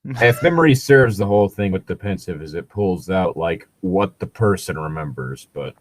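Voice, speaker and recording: A man's voice: low voice, lively intonation, normal speed, dry recording. A man co-hosting a comedic fanfiction reading, chatty and explaining things at length. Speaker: podcast co-host reading aloud.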